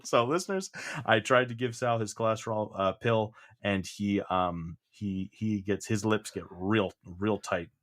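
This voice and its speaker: A man with a somewhat low voice hosts a comedy podcast. He coaxes his co-host along, hesitant and full of fillers, and laughs often as he plays along with the absurd bit. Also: unhurried, fairly bright tone.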